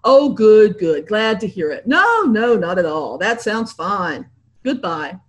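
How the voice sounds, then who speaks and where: A woman reading aloud and voicing a breezy, unflappable upper-class gentleman. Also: medium pitch, very animated, takes it slowly. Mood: cheerful. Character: unflappable posh English gentleman, man.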